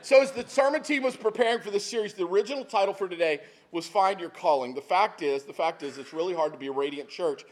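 A middle-aged male pastor delivers his sermon in a relaxed, storytelling way. His voice sits a little on the high side for a man, and he keeps turning to the congregation with easy asides. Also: quick pace, hardly any pauses. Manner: conversational, folksy, with asides to the congregation.

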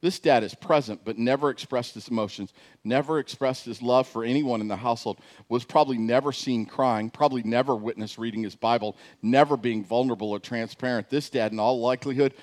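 A man preaching a sermon as a pastor, telling stories with loud, high jokes and dropping soft and low for serious points. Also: fairly quick. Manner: animated storyteller, climbs loud and high when joking.

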